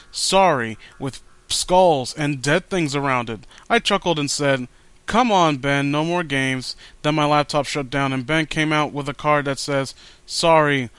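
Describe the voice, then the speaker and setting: A man's voice: a little high, fairly bright tone, smooth, dry recording. A man hosting a mocking dramatic reading of fan fiction, with sarcastic asides and frequent stumbles over words.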